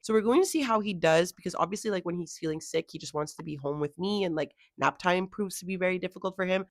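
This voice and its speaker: A woman's voice: on the low side, dry recording, clean studio sound. A young woman chatting casually in a reading vlog, talking about a book with lots of filler words. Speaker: book vlogger.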